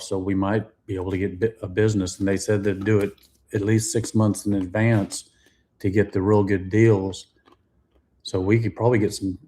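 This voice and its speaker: Older man, low voice, casual livestream chat, easygoing. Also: darkish tone. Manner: easygoing, stumbles over words. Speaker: co-host of a livestream.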